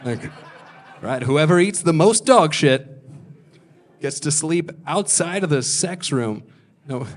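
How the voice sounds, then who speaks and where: A young man telling self-deprecating stand-up stories on a comedy club stage, acting out other people's lines in quick voices. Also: a little high. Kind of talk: stand-up storytelling.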